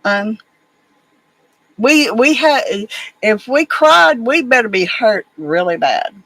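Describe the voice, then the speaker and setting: A woman's voice: a little high, expressive, takes it slowly, fairly bright tone, dry recording, poor audio. Rambling folksy woman. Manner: rambling, folksy, many fillers and restarts. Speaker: vlogger. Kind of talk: casual storytelling to viewers.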